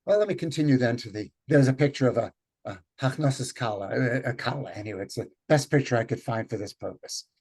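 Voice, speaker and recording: A man runs a group reading over a video call. He speaks in a thoughtful, halting way and stops often to find the right word. His voice sits at an ordinary male pitch. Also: expressive, a little mellow, breathy edge. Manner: thoughtful, halting, with many fillers. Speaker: Yiddish teacher leading a group reading. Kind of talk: online lecture and read-aloud.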